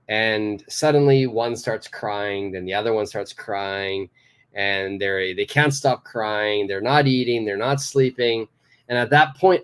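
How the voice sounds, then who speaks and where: Slow, patient Canadian-raised male teacher. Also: lowish voice. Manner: slow, patient explaining with repeated phrases. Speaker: English teacher. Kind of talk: live online English lesson. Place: home studio in Tokyo.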